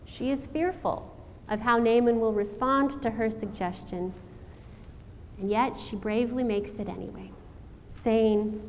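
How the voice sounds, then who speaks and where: A woman preacher giving a sermon, telling the story in a slow, dramatic way with rhetorical questions. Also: fairly high pitch, steady tone, a little hiss or hum. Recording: long hall reverb, faint ambience.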